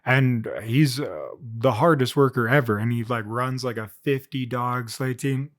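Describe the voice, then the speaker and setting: A man hosting his own video channel, telling a rambling, jokey story in casual unscripted talk, with quick little voiced asides. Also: mid-range voice, steady tone, no room sound, clean studio sound. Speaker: vlog host.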